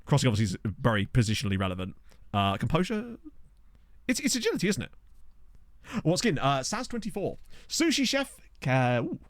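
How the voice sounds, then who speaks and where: A man talks through a football management game on his stream, musing aloud in a loose, chatty way. His pitch swings up and down a lot as he reacts. The sound is close and dry, with no room around it. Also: no room sound. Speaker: gaming streamer. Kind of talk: casual let's-play commentary. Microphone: desk microphone.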